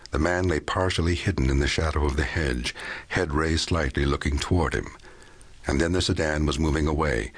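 A man narrating a crime audiobook in a measured, even storytelling manner. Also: extremely low pitch, slightly rough. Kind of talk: scripted narration.

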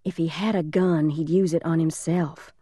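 A determined older boy talks softly but firmly to his little brother, as a woman narrator puts him on. The tone is low and mellow, kept close and dry. He sounds bossy and steady under his hush. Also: moderate pace, slightly rough, no echo. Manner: soft, firm, hushed and bossy.

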